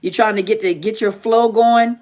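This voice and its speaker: A woman's voice: medium pitch, steady tone, moderate pace, a little mellow. Woman therapist hosting a live chat, jokey and laid back, repeats herself a lot. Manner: joking, repetitive, laughs often. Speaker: therapist and channel host. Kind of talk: casual live-stream chat.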